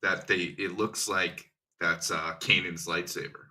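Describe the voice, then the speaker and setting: A man's voice: low-pitched, level tone, a little slow, sharp tone. A man co-hosting a casual fan podcast, laying out theories and checking facts with questions. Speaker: podcast co-host.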